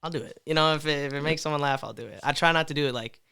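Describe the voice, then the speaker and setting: A twenty-year-old man talking as a guest in a casual podcast interview, animated and rambling, often repeating words. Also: fairly high pitch, rapid-fire, smooth, dry recording. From Mid Michigan.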